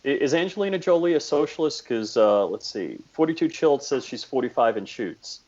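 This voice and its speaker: A man's voice: mid-range voice, animated, a little fast, a little mellow. A man co-hosting a podcast in casual chat, teasing and reading out listener comments. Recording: dull lo-fi sound.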